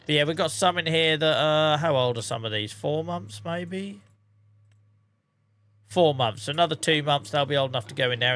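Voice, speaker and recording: A man from England with a Norfolk accent gives relaxed live-stream commentary while he plays. His voice has a bright, forward edge. He chats straight to his viewers, calling them guys and mate. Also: medium pitch, slight background noise. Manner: chatty, talks to chat viewers, says mate. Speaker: game streamer.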